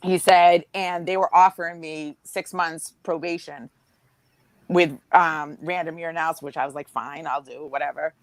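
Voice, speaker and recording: A woman in casual conversation telling a long story, acting out the voices of the people in it. Her voice sits a little low, and the sound is close and dry with no room around it. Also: normal speed, no room sound, rough recording. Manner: animated storyteller, acts out quotes. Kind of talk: casual chat.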